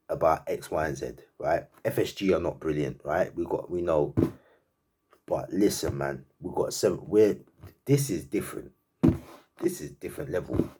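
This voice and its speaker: A man's voice: low voice, mellow, breathy edge. Incredulous laughing male football fan. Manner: laughing, incredulous, repeats himself, slangy. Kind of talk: animated fan reaction rant.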